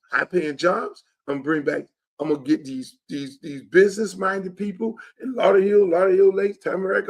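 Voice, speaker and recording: Blunt, emphatic man with a high voice. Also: gravelly. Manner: emphatic, repetitive, blunt and profane. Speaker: show host and political candidate. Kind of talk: casual political monologue.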